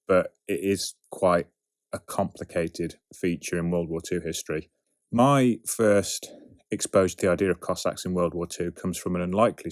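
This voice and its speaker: A man of around forty gives relaxed production commentary, asking himself questions and answering them with wry asides. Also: low voice, dry recording, clean studio sound. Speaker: writer and producer of an audio drama series. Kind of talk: behind-the-scenes production commentary.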